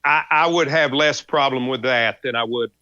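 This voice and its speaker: A man co-hosting a sports radio show, speaking in a deadpan, sarcastic way. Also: medium pitch, moderate pace, no room sound, dull audio. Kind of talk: casual sports radio chat.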